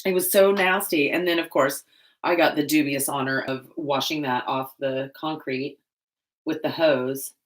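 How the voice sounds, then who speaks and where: A woman's voice: sits low, fairly even intonation, unhurried. A woman vlogger chatting casually while painting, rambling and laughing often.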